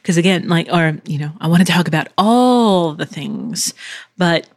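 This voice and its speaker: A woman's voice: fairly low pitch, animated, normal speed, no room sound. Rambling woman host in dry, close sound. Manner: rambling, filler-heavy, swears freely. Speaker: podcast host and voice actor. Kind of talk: casual solo podcast chat. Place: living room at home.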